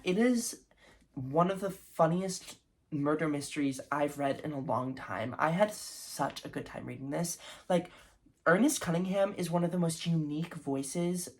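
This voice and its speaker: A young woman reviewing her favorite books in a casual vlog, gushing and effusive, with lots of fillers and restarts. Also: sits low. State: recovering from covid. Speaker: book vlogger.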